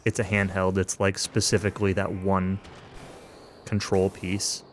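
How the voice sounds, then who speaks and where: A man's voice: low voice, monotone, measured pace, a little hiss or hum. A man streaming a casual playthrough, talking through his thoughts with lots of fillers and hedges, and now and then dry sarcasm. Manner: rambling and hedging, with frequent fillers; dry, self-aware sarcasm. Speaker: let's-play streamer. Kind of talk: casual gameplay commentary. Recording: game music playing behind the voice.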